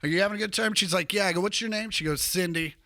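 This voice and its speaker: A man in his thirties spins comic stories on a podcast, his high voice bright and edged with gravel. He bounces into the voices of people he quotes. The sound is close and dry. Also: racing, dry recording. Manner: animated, acts out quoted voices. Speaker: podcast guest, comedian. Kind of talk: casual comedic storytelling.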